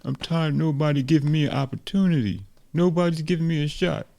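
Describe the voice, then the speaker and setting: A man's voice: a little high, fast talker, vocal fry, mellow, voice pushed up. A man voicing a frustrated young male boxer who insists he is good enough, in a raised, strained voice.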